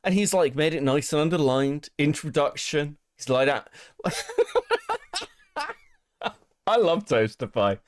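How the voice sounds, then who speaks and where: A British man hosts a live stream in loose, rambling chat, laughing often and swearing freely. His pitch swings widely, and the sound is close and dry, with no room echo. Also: wildly swooping pitch, slow, long pauses. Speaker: stream host. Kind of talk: casual live-stream commentary.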